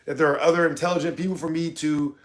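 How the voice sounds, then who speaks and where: High-voiced man hosting a livestream. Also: steady tone. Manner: argumentative, mocking, drawn-out emphasis. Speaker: livestream host reading chat. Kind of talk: casual livestream chat.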